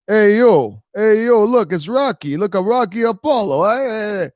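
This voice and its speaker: A man putting on an impression of a tough working-class boxer, with a gruff, slurred delivery. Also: sits high, animated, moderate pace, darkish tone, dry recording, clean studio sound, voice pushed up. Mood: swaggering. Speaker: livestream host doing an impression.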